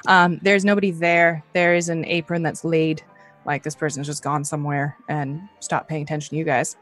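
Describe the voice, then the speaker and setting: A woman's voice: low voice, flat delivery, moderate pace, a bit bright, soft background music. A young woman narrating a tabletop game as game master in a loose, chatty way with many fillers.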